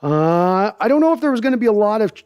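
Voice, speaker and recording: A man with a somewhat high-pitched voice hosts a podcast, reading out viewer comments and answering them in a loose, casual way. He rambles, restarting his sentences often. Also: sing-song, quick pace, clear, resonant tone, lo-fi sound. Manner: rambling, with frequent restarts and fillers. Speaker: podcast host.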